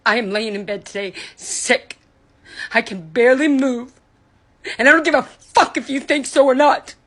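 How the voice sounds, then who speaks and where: A woman's voice: high voice, a little fast, fairly bright tone. A woman ranting furiously on a phone livestream, swearing and upset, her voice breaking at times. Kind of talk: angry livestream rant.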